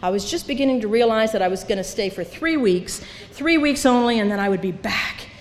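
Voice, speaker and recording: Speaking a little fast in a slightly high, animated voice, an older woman shares how she recovered, addressing a meeting. She mimics the voices of others and pokes fun at herself as she goes. Faint background noise and echo fill the meeting hall.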